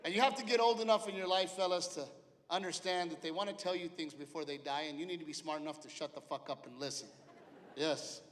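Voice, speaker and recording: A middle-aged man doing a stand-up set, loud and punchy, with sudden shouted punchlines. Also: on the high side, fast talker. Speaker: stand-up comedian. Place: large theater stage. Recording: live theater with long reverb and faint ambience.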